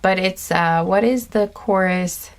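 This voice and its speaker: Female card reader with an everyday mid-range voice, speaking slowly, gentle and rambling, thinking aloud. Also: medium pitch. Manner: rambling, many fillers and restarts; gentle, earnest and chatty. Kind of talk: intuitive pick-a-card reading.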